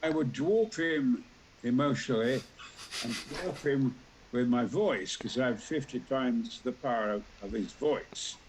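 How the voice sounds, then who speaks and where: A man in his eighties with a Yorkshire accent, a talk show guest telling stories theatrically and acting out the characters with booming outbursts. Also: measured pace, a little hiss or hum, poor audio. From Yorkshire, England. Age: 80s. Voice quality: booming, larger-than-life delivery with sudden loud outbursts. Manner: animated storyteller who acts out every character.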